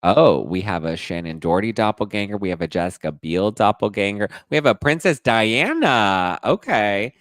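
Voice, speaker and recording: A man's voice: fairly low pitch, animated, normal speed, hardly any pauses, a bit bright, no echo. A man hosting a casual live gossip chat, sassy and dishy, reading and reacting to viewer comments. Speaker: host.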